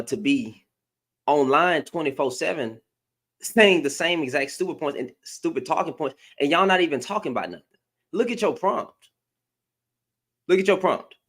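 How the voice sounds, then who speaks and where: A woman hosting a livestream, giving blunt, heated reaction commentary and often repeating her phrases. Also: extremely low pitch. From United States. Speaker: livestream host.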